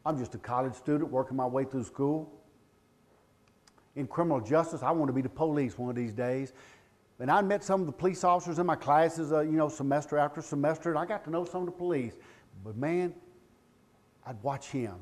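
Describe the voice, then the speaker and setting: A man, giving a live training talk as a law enforcement trainer, animated and joking, calling out questions to the crowd. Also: a little high, brisk. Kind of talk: live seminar talk to an audience. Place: room with a live audience.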